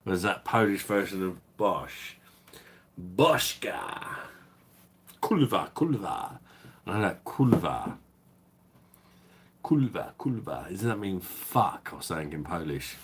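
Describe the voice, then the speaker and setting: A man's voice: low voice, animated, measured pace, breathy edge. A man hosting a live beer-review stream, chatting casually and swearing as he reads viewers' messages. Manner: sweary, rambling, reads out chat.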